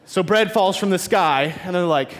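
A man's voice: sits high, normal speed, fairly bright tone, big-room sound. A man preaching a sermon, retelling scripture in casual modern speech and voicing the figures in it.

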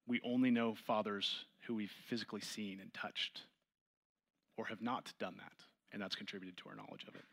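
A man teaching a Bible study, reading scripture aloud and explaining it to a group with questions, getting louder and higher when he stresses a point. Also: fairly even intonation, a little fast, creaky. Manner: rises in pitch and volume when stressing points.

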